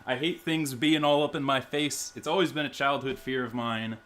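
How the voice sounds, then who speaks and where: A man's voice: medium pitch, fairly quick, hardly any pauses, fairly bright tone, slight background noise. A young man giving nervous, rambling commentary as he plays a horror game at home. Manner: nervous, rambling, talks to himself. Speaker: gaming YouTuber. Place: home, in front of a big TV.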